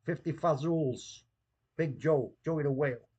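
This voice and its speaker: A man playing a tough-guy gangster who drawls his threats very slowly in a mock-menacing tone. The words stretch out long and heavy. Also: on the high side, darkish tone, breathy edge, lo-fi sound. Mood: mock menace.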